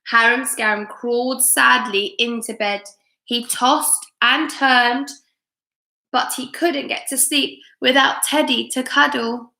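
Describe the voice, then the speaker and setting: A woman teacher reading a picture book aloud live for children, slow and expressive, asking her listeners questions. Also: fairly high pitch, vocal fry. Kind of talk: live read-aloud story time. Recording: echoey room.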